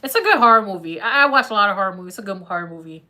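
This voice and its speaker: A woman's voice: medium pitch, animated, very fast, bright, forceful tone. A woman doing a live tarot reading in a chatty, laughing, slangy way. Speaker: tarot reader.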